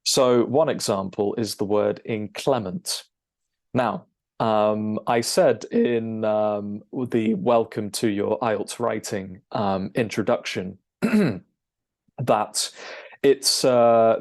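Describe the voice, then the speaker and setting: A man, an English teacher, explaining a lesson over a shared screen, checking in with "okay?" and filling pauses with "um". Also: on the low side, darkish tone. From United Kingdom. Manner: explanatory, frequent "okay?" check-ins and "um" fillers.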